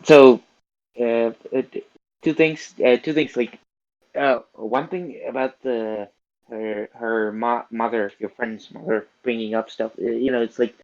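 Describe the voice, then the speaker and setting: A man from outside the US takes part in a casual podcast chat, halting and restarting as he searches for his words. His voice sits in a middle pitch. The sound is dull and lo-fi. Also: fairly even intonation, a little mellow. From not from the US. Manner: hesitant, many fillers and restarts.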